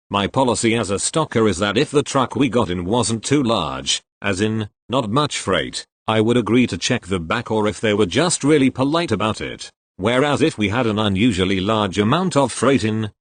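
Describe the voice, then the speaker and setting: A man's voice: fairly low pitch, big pitch swings, moderate pace, few pauses, no echo. A man reading online retail stories aloud in a conversational storytelling way, adding casual asides. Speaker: narrator reading online posts.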